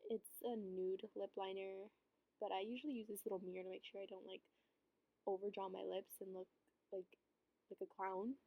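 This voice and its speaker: Chatty young woman with a gravelly voice. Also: medium pitch, little pitch movement, normal speed, lo-fi sound. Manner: chatty, full of "like" fillers. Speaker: beauty vlogger. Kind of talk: casual makeup voice-over chat.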